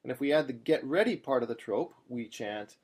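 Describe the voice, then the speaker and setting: A cantor giving a patient screen-share lesson on Torah chanting, explaining each step and singing short chanted examples. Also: male voice, medium pitch, animated, fast, darkish tone, slightly rough.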